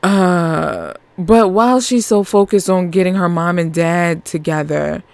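A woman's voice: lowish voice, unhurried, gravelly, a little mellow, no echo. A woman hosting a podcast, chatting casually and animatedly as she reviews a movie, laughing often. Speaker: podcast host.

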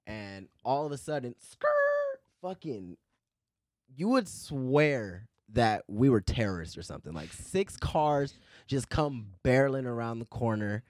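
Animated, lively man telling stories. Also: medium pitch, measured pace, no echo, studio quality. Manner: animated storyteller, swears a lot. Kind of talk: casual chat.

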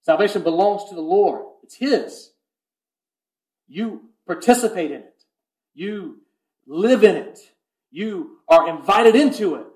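A man preaching a sermon as pastor, swinging between hushed, intimate lines and loud, impassioned ones. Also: high-pitched, echoey room. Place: church sanctuary.

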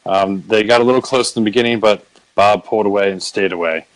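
A male podcast host rambling through a casual recap with plenty of swearing and self-mockery. His voice is fairly low. The sound is close and dry. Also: quick pace, dry recording, poor audio. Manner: profane, self-mocking, rambling with restarts.

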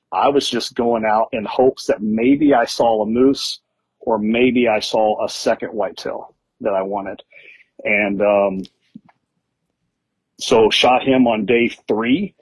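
Middle-aged male podcast guest, husky, dry-miked, animated storyteller. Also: mid-range voice, dry recording, rough recording. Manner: animated storyteller, acts out voices in his stories. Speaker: guest hunter. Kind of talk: casual storytelling.

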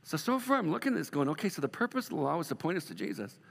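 A middle-aged man preaching a sermon as a pastor, moving from loud emphatic bursts to soft, slow passages. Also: on the high side, big pitch swings, vocal fry, big-room sound.

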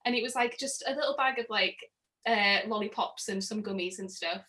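A woman's voice: medium pitch, fairly quick. A young woman from Northern England with a northern accent, telling stories in a casual chat, acting out quotes and laughing often. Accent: Northern English. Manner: animated storyteller, acts out quotes, laughs often. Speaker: guest.

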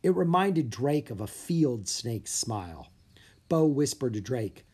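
Husky reader, super lively pitch, reading a kids' dragon book aloud. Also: takes it slowly. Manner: expressive, animated storytelling. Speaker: audiobook reader. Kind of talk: children's audiobook narration.

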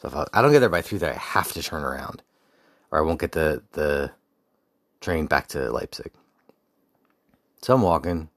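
Very deep-voiced man telling a story. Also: animated, normal speed, pauses often, no echo, studio quality. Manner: rambling, with frequent restarts and asides; faith-focused reflection. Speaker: podcast host. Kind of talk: casual personal storytelling.

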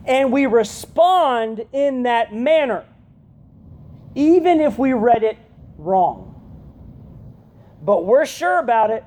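A woman giving a conversational youth sermon, often checking in with her listeners with a quick "right?". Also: a little high, sing-song, mellow. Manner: chatty, keeps asking "right?". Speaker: youth pastor.

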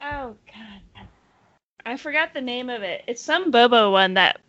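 Woman, casual chat, higher bright voice, very lively, faint background noise. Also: unhurried, dry recording, lo-fi sound.

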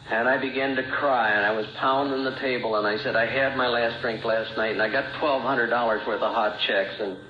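A man's voice: mid-range voice, fairly even intonation, fairly quick, few pauses, background noise. A man sharing his recovery story at a meeting, plain-spoken and acting out remembered dialogue. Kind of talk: personal testimony at a recovery meeting. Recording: roomy, dull old talk recording.

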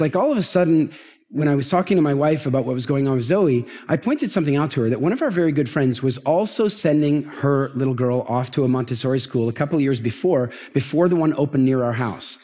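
Animated man speaking live on stage. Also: on the high side. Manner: animated storytelling, asks the audience questions. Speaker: motivational speaker. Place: large event stage with an audience.

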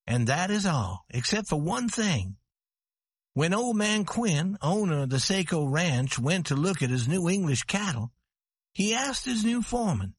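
A man reading a story aloud slowly and clearly for English learners. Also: high-pitched, no echo. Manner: slow, clear, expressive. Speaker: narrator. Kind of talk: slow scripted story narration for English learners.

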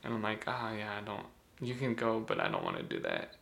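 A man's voice: on the low side, huge pitch swings, brisk, gravelly, a bit bright. A young man casually telling a rambling story with lots of fillers, laughing as he goes.

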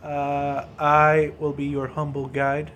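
A man doing a deadpan boatman of hell. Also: fairly high pitch, slow pace, slight background noise. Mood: mock-solemn. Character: deadpan male boatman guiding souls through hell. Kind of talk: joking podcast skit.

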